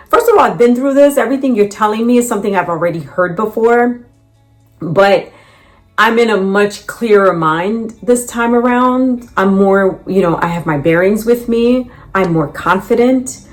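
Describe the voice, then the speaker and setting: A middle-aged woman telling the story of her layoff, with lively quotes of what others said. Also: medium pitch, moderate pace, faint music behind. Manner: animated, quotes others in dialogue. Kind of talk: storytelling in a reacted clip.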